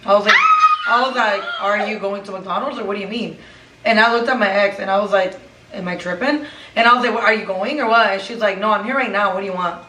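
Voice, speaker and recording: A woman telling a scary personal story in casual chat, lively and mixing English with Spanish. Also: medium pitch, quick pace, slight background noise. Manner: animated, switches between English and Spanish. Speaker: co-host. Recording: roomy, recorded from a distance.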